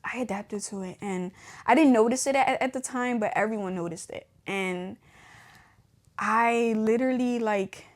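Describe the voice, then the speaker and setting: A woman's voice: a little high, measured pace. Young woman, podcast host, casual testimony storyteller who acts out old dialogue with laughs. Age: young adult. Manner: casual, laughs often, acts out her own past dialogue.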